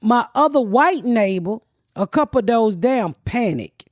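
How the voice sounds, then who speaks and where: A woman's voice: fairly high pitch, animated, measured pace, no room sound, clean studio sound. Blunt, profane woman podcast host. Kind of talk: casual podcast chat.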